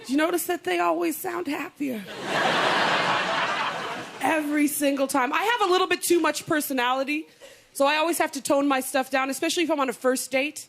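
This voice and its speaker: A woman's voice: sits high, steady tone, fairly quick, vocal fry. A woman doing a stand-up comedy set, bawdy and punchy, breaking into exaggerated impressions. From North America. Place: comedy stage before a live audience. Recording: loud studio audience laughter and noise.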